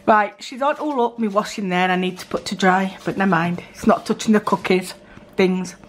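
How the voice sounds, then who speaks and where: In a home kitchen, a middle-aged mum with a South Yorkshire accent narrates her daughter's baking for the family vlog in a relaxed, chatty way. She talks briskly in a mid-range voice, and there's slight background noise.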